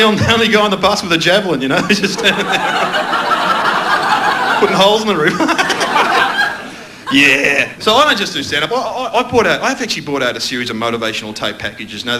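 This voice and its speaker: A man's voice: fairly high pitch, expressive, brisk. Australian man doing loose stand-up. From Melbourne, Australia. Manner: loose, self-mocking banter with the audience. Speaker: stand-up comedian. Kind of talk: stand-up comedy set. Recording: noisy live club recording.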